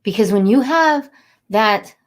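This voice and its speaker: A middle-aged woman talking warmly and a little rambling as she encourages viewers during a live motivational stream. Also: fairly high pitch, lively intonation, slow pace. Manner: warm, encouraging, rambling and conversational. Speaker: angel card reader and inspirational host.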